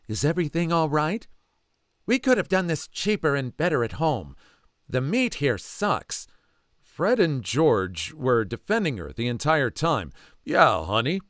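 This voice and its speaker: A man reading online stories aloud in an animated manner, adding his own comments between them. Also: medium pitch, no room sound, studio quality. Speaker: story narrator.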